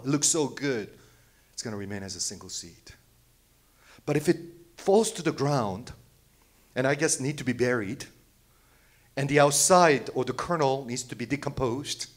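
A man preaching a sermon, asking the congregation rhetorical questions, swinging from loud outbursts to hushed near-whispers. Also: medium pitch. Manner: rhetorical questions, repeats phrases.

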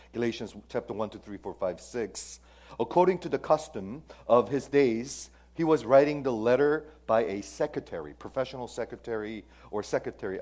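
A man preaching a sermon as pastor. He asks the congregation questions and swings between loud stressed phrases and hushed, near-whispered lines. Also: mid-range voice.

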